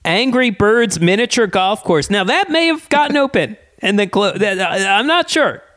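A man with a notably high voice, chatting casually on a podcast. He chuckles his way through lists and asides. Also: very animated, moderate pace, fairly bright tone. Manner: chuckling, listing things off. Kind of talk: casual chat.

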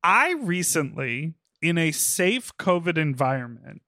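Frank, higher-voiced male podcast host. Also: very animated, unhurried, bright, forceful tone, no room sound, clean studio sound. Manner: frank, storytelling, laughs easily. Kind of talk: casual podcast chat.

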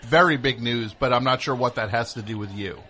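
A man's voice: medium pitch, fairly quick, bright, forceful tone. A man hosting a comedy call-in radio show, asking dry, incredulous questions. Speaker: host.

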